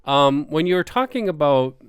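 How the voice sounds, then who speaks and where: A man's voice: on the high side, very animated, normal speed, clear, resonant tone, no echo. A middle-aged man with a Wisconsin accent hosting a podcast, easygoing and rambling as he talks. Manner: easygoing, rambling, lots of fillers. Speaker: podcast host. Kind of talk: podcast conversation.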